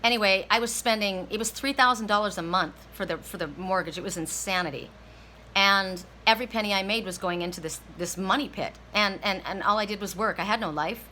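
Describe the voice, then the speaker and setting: A woman's voice: medium pitch, fairly quick, sharp tone, a little hiss or hum, rough recording. A woman tarot reader telling a personal story, emotional and near tears, often repeating herself and restarting her sentences.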